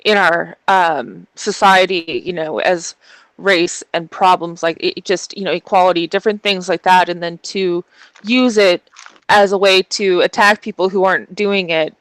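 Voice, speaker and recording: A woman guest in casual chat, speaking earnestly and haltingly with many fillers. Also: lowish voice, no echo, poor audio.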